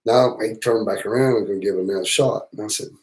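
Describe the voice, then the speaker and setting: A man's voice: fairly low pitch, fast talker, a little mellow, low-quality recording. A man with a Southern US accent, hosting a livestream and spinning rambling, profane, teasing stories in a casual way. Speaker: motorcycle travel channel host.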